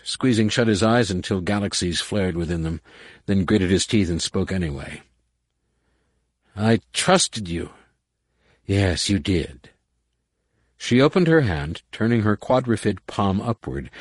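A male narrator reads an audiobook in a very low voice, with a husky edge to it. His pace is measured and dramatic, and the recording is dry and close. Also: expressive, dry recording. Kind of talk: scripted narration.

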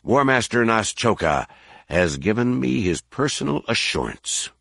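A man's voice: on the low side, very animated, a little slow, gravelly, fairly bright tone, no room sound, studio quality, heavily acted. A man voicing a weary, stern alien war commander. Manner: tired, stern lecturing.

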